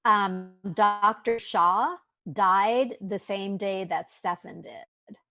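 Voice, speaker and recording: A woman's voice: mid-range voice, extremely slow, bright, forceful tone, no room sound. A woman co-hosting a soap opera recap podcast, enthusiastic, reading in comments from the live chat. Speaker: podcast co-host. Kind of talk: casual chat.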